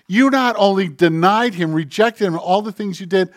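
A man preaching a sermon, moving between soft, conversational asides and forceful, rising preaching. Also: high voice, expressive, moderate pace, dry recording, studio quality. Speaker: pastor.

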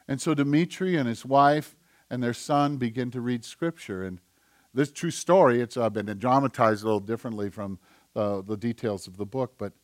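A man preaching a sermon in an earnest, emphatic manner, sometimes dropping to a hush. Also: mid-range voice, normal speed. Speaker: pastor.

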